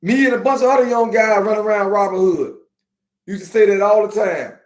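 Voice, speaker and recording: A man hosting a podcast, talking casually and streetwise to his viewers, slowing down to preach his points. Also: high voice. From Miami. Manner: streetwise, preachy, drawn-out slow emphasis. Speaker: podcast host. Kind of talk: casual live-stream talk to viewers. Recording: echoey room.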